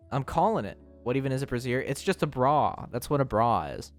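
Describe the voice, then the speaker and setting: Giggly young man streamer, lively pitch. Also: fairly quick, hardly any pauses, faint music behind. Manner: giggly, teasing, breaks into high squealing laughs. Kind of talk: casual chat reading live chat.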